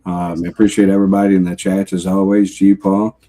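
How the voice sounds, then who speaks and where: A man co-hosting a casual podcast, his voice very low and dark. He speaks in a flat, halting way, pausing as he gathers his words. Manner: soft-spoken, halting. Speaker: podcast co-host. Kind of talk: casual live podcast chat.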